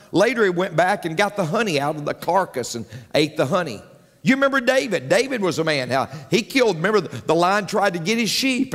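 Folksy preaching pastor in a reverberant hall. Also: male voice, high-pitched, fairly bright tone. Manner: preaching with folksy jokes and call-and-response. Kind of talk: sermon. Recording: long hall reverb with faint music.

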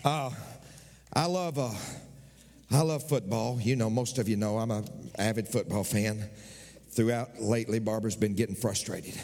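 A middle-aged man preaching a sermon as pastor, swinging from shouts down to whispers. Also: lowish voice, moderate pace, long reverb tail, a little hiss or hum.

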